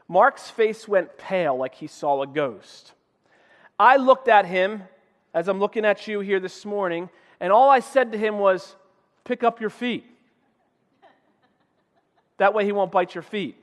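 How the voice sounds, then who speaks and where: High-voiced male preacher in an echoing hall. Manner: dramatic storytelling, swinging from loud urgent outbursts to hushed low asides. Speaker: pastor. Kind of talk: sermon. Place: church sanctuary. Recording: long reverb of a church hall.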